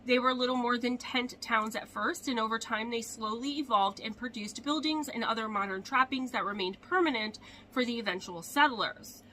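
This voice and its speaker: A woman's voice: fairly high pitch, moderate pace, bright, forceful tone, a little hiss or hum. A woman with a cold talking casually to her viewers, her voice congested and nasal, chatty and self-deprecating. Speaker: paranormal YouTuber. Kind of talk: casual chat to camera.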